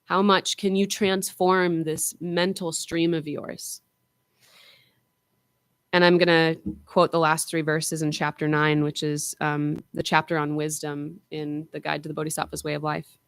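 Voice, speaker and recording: A woman minister giving an informal Buddhist dharma talk to a congregation, conversational, with frequent fillers and slowing down for emphasis. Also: deep voice, little pitch movement, clear, resonant tone, dry recording.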